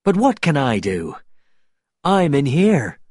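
A man's voice: fairly high pitch, huge pitch swings, slow, a little mellow, breathy edge, no room sound, voice pushed up, exaggerated voice. A man reading aloud voices a sly pirate captain who speaks in a dry, teasing way.

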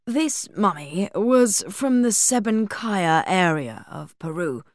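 A woman reads the part of a calm, scholarly middle-aged librarian who explains things in a measured way. The delivery stays slow and close to the narrator's own voice. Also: medium pitch, no room sound. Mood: explaining.

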